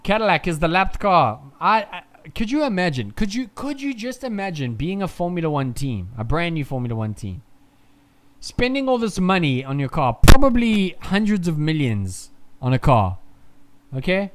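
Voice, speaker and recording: A young man streaming casual, rambling live race commentary. He swears freely, talks excitably and sounds groggy from too little sleep. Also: a little high, normal speed.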